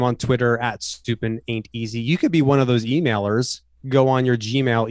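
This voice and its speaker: A man banters his way through a comedy podcast intro, playful and self-mocking, tripping over restarts. His voice sits at a middle pitch. The sound is dry and close. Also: no room sound. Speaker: podcast co-host.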